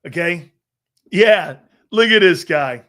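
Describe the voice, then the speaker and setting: A man's voice: sits high, lively intonation, slow pace, a bit bright. Boastful, profane middle-aged male show host. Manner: boastful, profane, laughs often. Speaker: sports talk show host. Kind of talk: casual storytelling chat.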